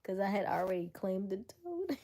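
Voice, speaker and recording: A woman's voice: medium pitch, sing-song, normal speed, warm tone. A woman hosting a casual late-night livestream, chatting with viewers, laughing often and slipping into whispers. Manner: reads answers aloud to viewers. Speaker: livestream host.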